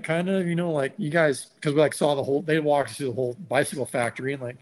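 Guy telling a story, kinda high voice, animated, does everyone's lines. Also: fast, hardly any pauses. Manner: animated, acts out quotes of others. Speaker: guest. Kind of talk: casual storytelling.

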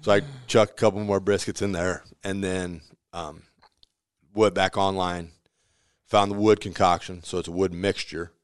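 A man with a very low voice runs through stories from his pizzeria kitchen in an easy, chatty way. He slips into the voices of the people he quotes and laughs along as he goes. The sound is close and dry, with no room around it. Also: moderate pace, clean tone, no room sound. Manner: animated storyteller who acts out quoted voices, laughs often. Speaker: pizzeria owner. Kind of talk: casual storytelling interview.

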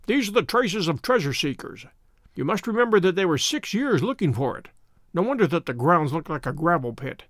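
A man voicing a calm, crisp detective in an audiobook. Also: on the high side, a little fast, no echo, clean studio sound. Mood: firm. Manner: crisp, firm.

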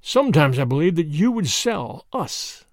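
A man doing a snarling, excitable conspirator. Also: sits high, normal speed, dry recording, studio quality. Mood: agitated. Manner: agitated, snarling, suspicious. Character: excitable, menacing male conspirator.

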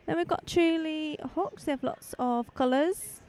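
A high-voiced woman hosts a live podcast while strolling between outdoor stalls. She talks into a handheld mic in a chatty, rambling way and keeps throwing in friendly asides. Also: unhurried, a little mellow. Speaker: podcast host. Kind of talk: casual live walkabout podcast. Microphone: handheld microphone.

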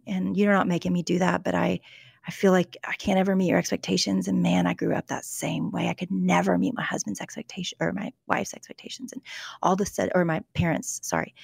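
Middle-aged woman, guest author, earnest storyteller, lowish gravelly voice, dry close sound. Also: dry recording. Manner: earnest, storytelling, halting restarts. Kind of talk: conversational interview about faith and emotions.

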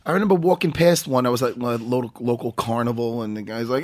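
A man's voice: mid-range voice, lively intonation, fairly quick, hardly any pauses, dry recording. A middle-aged man co-hosting a podcast, rambling casually with lots of swearing and restarts. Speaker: podcast co-host.

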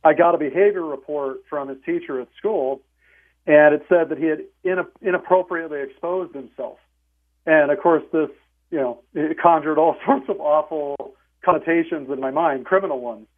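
A man's voice: on the high side, normal speed. A man in his forties calling in to a radio show and telling a story in a dry, wry way. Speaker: caller. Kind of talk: phone-in storytelling. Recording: tinny phone line.

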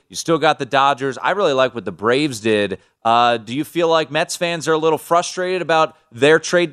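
A man's voice: mid-range voice, a bit bright, clean tone. A man hosting a sports betting talk show, chatting loosely and restarting his sentences often.

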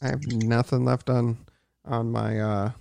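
A man's voice: medium pitch, flat delivery, a little slow, creaky, darkish tone. A man co-hosting a casual podcast chat, easygoing and laughing along. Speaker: podcast co-host.

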